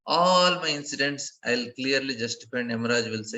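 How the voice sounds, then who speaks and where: A man giving a devotional class lecture, earnest, often repeating phrases and laughing softly between points. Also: mid-range voice, animated, brisk, low-quality recording. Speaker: speaker giving a scripture class.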